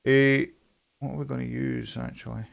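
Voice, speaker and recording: A young Scottish man hosting his own gaming channel, chatting excitedly as he plays. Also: medium pitch, normal speed, gravelly. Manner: excitable, enthusiastic. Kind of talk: casual gameplay commentary.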